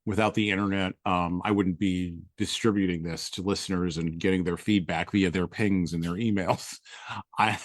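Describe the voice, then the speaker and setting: A man's voice: low-pitched, fairly even intonation, normal speed, no room sound, studio quality. A man co-hosting a podcast, reading passages from a book aloud, then talking them over in a reflective way, often restarting his phrases. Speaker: podcast co-host. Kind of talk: reading aloud and casual commentary.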